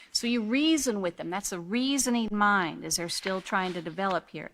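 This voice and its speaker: A woman's voice: medium pitch, normal speed, hardly any pauses, pushed and bright. Earnest woman teaching parents. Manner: earnest, asks the listener rhetorical questions. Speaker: character education trainer. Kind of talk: teaching a training course.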